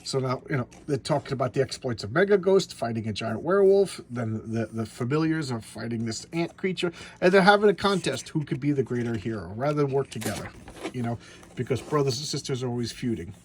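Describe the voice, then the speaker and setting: A man's voice: mid-range voice, animated, a little fast, breathy edge. A man giving casual show-and-tell commentary on a comic book. He rambles, stumbles over his words and restarts, and chuckles to himself along the way.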